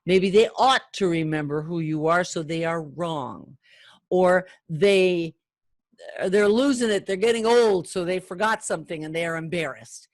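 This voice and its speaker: An older woman who trains people in phone sales, speaking in a chatty, animated way and acting out the lines of callers and customers. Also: on the low side, measured pace, no room sound, clean studio sound. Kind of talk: training talk to camera.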